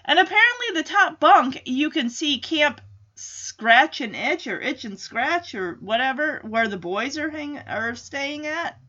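A woman's voice: sits high, animated, a little slow, pushed and bright, dull audio. A woman casually recapping a TV episode in a chatty way, with frequent laughs and filler words.

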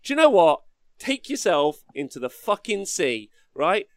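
A man's voice: high voice, sing-song, measured pace, no room sound, clean studio sound. A man co-hosting a casual hobby podcast, ranting brashly with lots of swearing. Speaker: podcast co-host.

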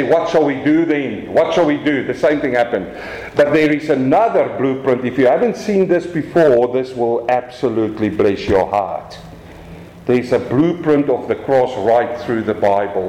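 A man with a South African accent preaching a lively sermon from the pulpit. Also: medium pitch, echoey room, poor audio. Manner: animated preaching, swings from quiet to raised. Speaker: pastor.

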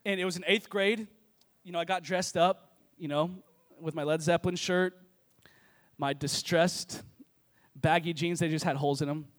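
A man preaching a lively sermon to a congregation, telling funny stories. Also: a little high, moderate pace. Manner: energetic, joking storyteller. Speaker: pastor. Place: church service with congregation.

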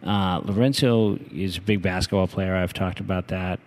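Low-voiced teasing podcast host. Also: male voice, fairly even intonation, normal speed. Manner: teasing, chatty. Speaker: father. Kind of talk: casual podcast chat.

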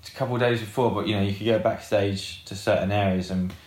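A man's voice: fairly low pitch, fairly even intonation, quick pace, a little mellow. A man, a rock guitarist being interviewed, who rambles casually with lots of fillers and swearing. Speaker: guest, rock band guitarist. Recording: roomy echoey room.

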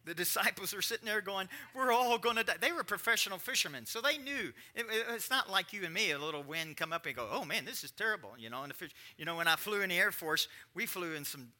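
A man preaching a conversational sermon, repeating lines and swinging between quiet and emphatic delivery. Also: high voice, expressive, quick pace, hardly any pauses. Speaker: pastor.

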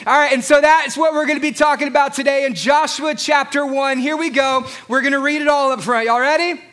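Male pastor, very high bright voice, playful sermon delivery in a church. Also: a little fast. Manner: lively, joking with the congregation. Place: church hall. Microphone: handheld microphone.

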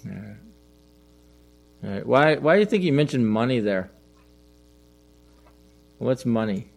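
A man's voice: medium pitch, lively intonation, unhurried, gravelly, a little hiss or hum. A middle-aged man preaching a conversational sermon as a pastor, asking the listeners questions and repeating his phrases.

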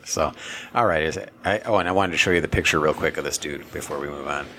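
A man co-hosting a podcast, talking in a crude and animated way. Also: rumbling low, fast, a little hiss or hum. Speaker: podcast co-host. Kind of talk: casual chat.

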